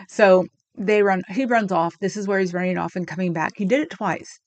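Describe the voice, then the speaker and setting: A woman's voice: mid-range voice, fairly even intonation, a little fast. A middle-aged woman hosting a livestream, chatting casually and sarcastically as she recounts a video and reads comments aloud, with frequent ums. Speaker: livestream host.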